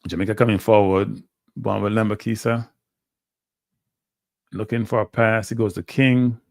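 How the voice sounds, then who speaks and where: A man's voice: lowish voice, level tone, normal speed, vocal fry, a little mellow, dry recording. Guy calling a football match live for fans, blunt and fed up, dry close mic. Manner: frustrated, blunt fan commentary. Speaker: watchalong host. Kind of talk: live play-by-play commentary.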